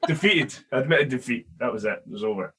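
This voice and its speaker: A young man hosting a podcast, telling a story in a casual, animated way with plenty of swearing. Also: mid-range voice, quick pace, breathy edge. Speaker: podcast host. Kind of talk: casual chat.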